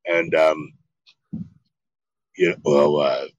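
A middle-aged man, a guest actor, telling animated, profane stories in an interview. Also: very deep voice, slow, no echo, dull audio. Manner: animated, profane storytelling with acted quotes. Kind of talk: storytelling interview.

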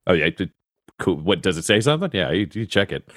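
A man taking part as a player in a tabletop game, calmly explaining what his character does. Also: sits low, fast, no room sound, studio quality.

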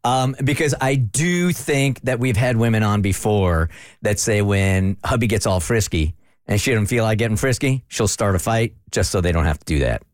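A man's voice: on the low side, moderate pace, no room sound, clean studio sound. A man hosting a morning radio show, bantering bluntly and taking calls. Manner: blunt, joking, takes calls.

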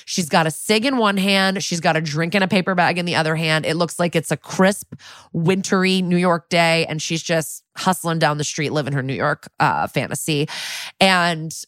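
A woman co-hosting a podcast, casually recapping a TV episode and acting out the characters' lines with lively energy. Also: deep voice, normal speed, no echo, clean studio sound. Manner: animated storytelling, acting out quoted lines. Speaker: podcast co-host.

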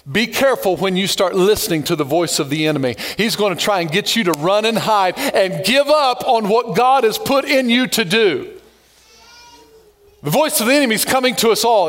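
High-voiced, animated male pastor preaching. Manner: lively, animated preaching with joking asides. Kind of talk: sermon.

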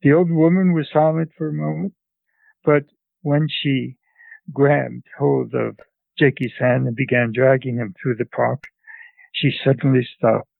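An older man, a scholar and guest, telling a story slowly and haltingly in an interview over a remote call. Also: medium pitch, fairly even intonation, vocal fry, no echo. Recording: phone-like line.

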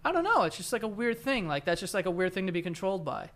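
A podcast co-host with a blunt, profane way of talking. His pitch swings widely as he teases his partner and argues his point in loose, casual chat. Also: quick pace. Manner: animated, mocking voices when quoting others.

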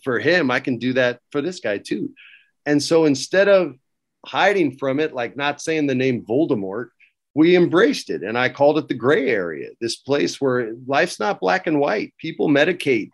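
A middle-aged man telling stories as a guest, lively and laughing as he acts out quoted lines. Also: mid-range voice, moderate pace. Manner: laughs often while talking. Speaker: guest recalling work as a wrestling writer. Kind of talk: casual anecdote-telling.

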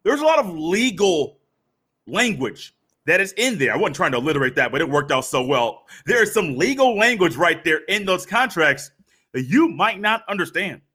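A young man hosting a sports podcast, talking casually and acting out little scenes with animated swings in pitch and pace. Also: normal speed, breathy edge. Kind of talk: casual monologue with storytelling.

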